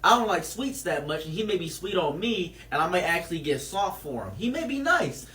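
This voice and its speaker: A man improvising absurd comedic answers in a deadpan, rambling way with lots of fillers. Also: high-pitched, a little fast. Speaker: comedy creator answering questions.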